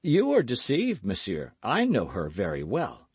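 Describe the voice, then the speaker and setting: A man reading an audiobook, voicing a jealous, impulsive young male swordsman with excited, pleading exclamations. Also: mid-range voice, a little slow, husky, dry recording, heavily acted. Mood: indignant. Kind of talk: audiobook character voice.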